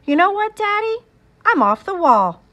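Storybook kid: a woman voicing a cheeky wheedling little boy, slow and lively. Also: high voice, dull audio, full character voice. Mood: playful. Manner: wheedling, sing-song. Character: mischievous excitable little boy.

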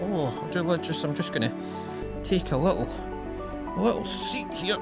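Over background game music, a gaming YouTuber plays in character, his commentary playful, cheeky, and rambling. His voice is fairly high and expressive, with vocal fry, at a normal speed.

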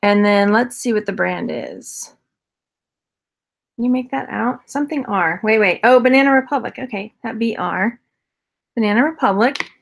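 Chatty higher-voiced woman unboxing jewelry. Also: normal speed, creaky. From Texas. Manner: chatty, rambling, laughs often, reads viewer comments. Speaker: online reseller vlogger. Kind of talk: casual unboxing haul chat.

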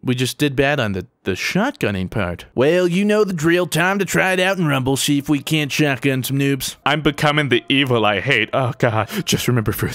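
A man giving jokey, excitable gameplay commentary, full of mild exclamations. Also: mid-range voice, moderate pace, hardly any pauses, no room sound. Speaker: gaming YouTuber.

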